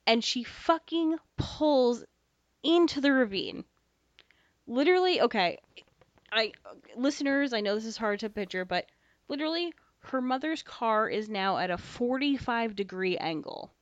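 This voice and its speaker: A young woman co-hosting a podcast, telling a story in casual chat, animated, swearing freely and acting out dialogue. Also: on the high side, normal speed, no echo. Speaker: podcast co-host. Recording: slightly dull dry podcast mic.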